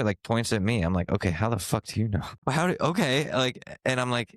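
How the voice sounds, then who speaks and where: A young man co-hosting a podcast, telling a story in a loose, animated way, swearing and laughing as he goes. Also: fairly low pitch, quick pace, few pauses, no echo. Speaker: podcast co-host. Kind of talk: casual storytelling chat.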